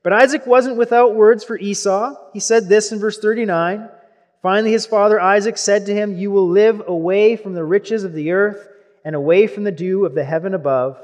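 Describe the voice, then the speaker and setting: High-voiced man preaching in a reverberant hall. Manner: reads scripture aloud, then explains it in relaxed asides. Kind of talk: sermon with scripture reading.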